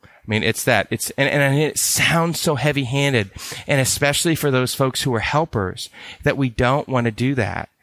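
A man's voice: mid-range voice, normal speed, fairly bright tone, no echo. Earnest man teaching in a dry close sound. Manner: earnest and conversational, with frequent restarts and repeated phrases. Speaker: ministry care trainer. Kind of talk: teaching talk.

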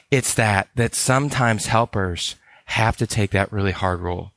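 A man's voice: on the low side, normal speed, a bit bright, no room sound. Earnest man teaching in a dry close sound. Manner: earnest and conversational, with frequent restarts and repeated phrases. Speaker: ministry care trainer. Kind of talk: teaching talk.

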